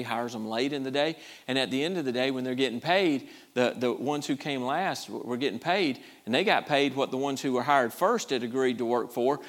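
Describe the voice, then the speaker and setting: A man preaching a sermon, repeating himself and swinging between loud bursts and quiet asides. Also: medium pitch.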